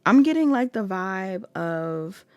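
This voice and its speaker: A woman's voice: medium pitch, expressive, takes it slowly, darkish tone, dry recording, dull audio. A young woman with features giving a casual tarot reading, chatty and laughing often. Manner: chatty, laughs often, drops into whiny quoted voices. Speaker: tarot reader.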